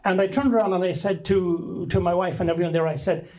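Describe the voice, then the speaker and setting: A man's voice: high voice, steady tone, quick pace, mellow, poor audio. An Irish man telling a rambling story to a live audience, with frequent restarts and fillers. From Ireland. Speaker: speaker giving a talk to an audience.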